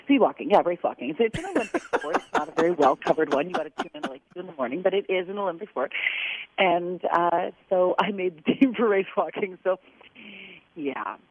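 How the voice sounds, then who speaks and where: A woman's voice: lowish voice, expressive, fairly quick. A woman calling in as a guest on a casual chat, telling funny, self-deprecating stories. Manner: self-deprecating, laughing storyteller. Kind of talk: casual chat over the phone. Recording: tinny phone line.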